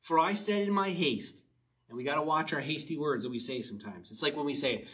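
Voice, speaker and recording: A man's voice: on the high side, brisk, fairly bright tone, distant mic, poor audio. A man preaching a casual sermon, reading a psalm and explaining it in a chatty way, asking his listeners questions and often chuckling. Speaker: pastor.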